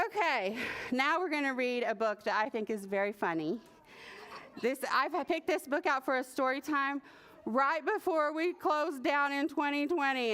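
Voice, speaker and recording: A woman librarian reading a picture book aloud at a preschool story time, animated and sing-song, with playful animal noises. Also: sits high. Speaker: children's librarian.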